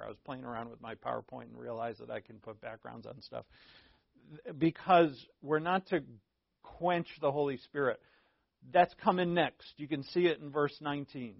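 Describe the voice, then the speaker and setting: A man teaches from scripture as a pastor, talking casually and joking with his congregation. His voice sits a little high, and the recording is dry and dull. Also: creaky, no echo. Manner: conversational and joking, often asks "right?". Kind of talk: informal midweek Bible teaching.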